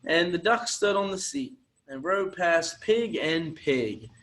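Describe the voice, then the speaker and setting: A man's voice: fairly high pitch, expressive, takes it slowly, a bit bright, slight background noise. A man teaching physical education, reading a picture book aloud and coaching children through movement breaks in an upbeat, encouraging way.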